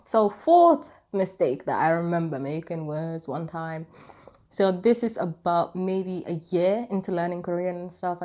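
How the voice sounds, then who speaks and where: A woman's voice: lowish voice, warm tone. Chatty young woman vlogger rambling along. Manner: rambling and chatty, full of "like" and "anywho". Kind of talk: casual storytelling to camera.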